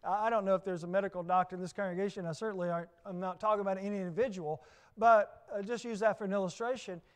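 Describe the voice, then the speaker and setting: A man's voice: high-pitched, steady tone, very fast, clear, resonant tone. A man with a Southern US accent preaching a sermon, emphatic, with repeated phrases and rhetorical questions.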